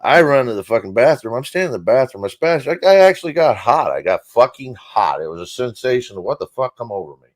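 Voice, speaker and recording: A man's voice: mid-range voice, sing-song, fast talker, dry recording. A man telling a rambling, profane comic story on a casual talk show. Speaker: guest comedian.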